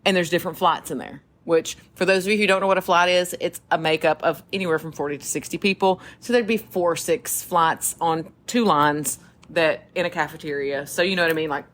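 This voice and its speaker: A woman with a Southern US drawl and a low voice co-hosts a casual podcast. She tells stories with animated energy, laughing easily and acting out the voices of people she quotes. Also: a little fast. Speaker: podcast co-host. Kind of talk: casual storytelling chat.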